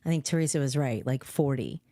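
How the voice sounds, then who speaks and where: A woman's voice: a bass voice, a little fast, warm tone, no echo, studio quality. A woman co-hosting a podcast, chatting casually, giggly and supportive as she explains things plainly. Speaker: podcast co-host. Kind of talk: casual chat.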